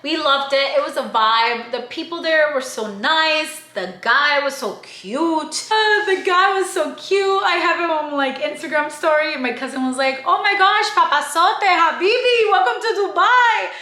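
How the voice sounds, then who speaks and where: Brief: young woman travel vlogger, high bright voice, casual and chatty, roomy echo. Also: normal speed, hardly any pauses. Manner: chatty, animated, swears casually, acts out other people. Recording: echoey room.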